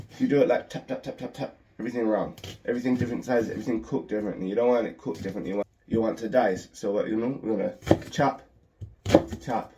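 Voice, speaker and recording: A man joking his way through a casual cooking demo in his small home kitchen, deadpan and swearing freely. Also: on the low side, fast talker, low-quality recording. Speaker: home cook hosting a cooking video. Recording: loud fan noise in a small kitchen. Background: extractor fan hum.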